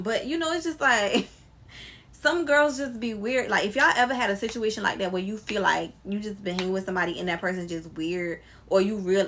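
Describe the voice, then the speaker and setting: A woman's voice: mid-range voice, fairly bright tone. A young adult woman telling a story to her viewers in a casual, emphatic, slangy way, speaking to a camera mic. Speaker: storytime vlogger.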